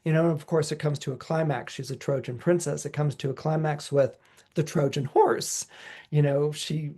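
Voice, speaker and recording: A man's voice: on the high side, normal speed. A middle-aged man, an astrologer, giving a podcast forecast in a loose, chatty way, full of "you know" and acted-out quotes. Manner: lively storyteller who acts out quoted voices.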